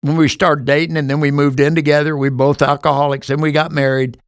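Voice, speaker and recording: Gravelly older man telling his story. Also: fairly high pitch, little pitch movement, brisk, no room sound, clean studio sound. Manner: earnest storyteller, acts out quoted dialogue. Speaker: podcast guest.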